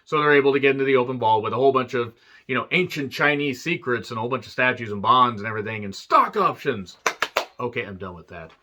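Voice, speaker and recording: Male reviewer, casual profane plot recap, tense bright tone, muffled lo-fi sound. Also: mid-range voice, lively intonation, fast talker. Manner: profane, joking asides, many fillers. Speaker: movie reviewer. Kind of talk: casual rambling movie recap.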